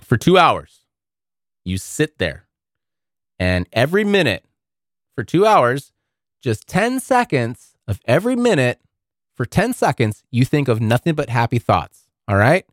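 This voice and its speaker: A man's voice: medium pitch, huge pitch swings, a little slow, pauses often, no echo, studio quality. A man hosting a podcast, rambling through a casual monologue full of profanity. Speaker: podcast host.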